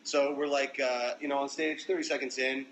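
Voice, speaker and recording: A man's voice: medium pitch, moderate pace, slight background noise, low-quality recording. Profane young man telling stories. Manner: loose, profane, animated storytelling. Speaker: musician livestreaming to fans. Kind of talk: casual storytelling livestream. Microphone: phone livestream.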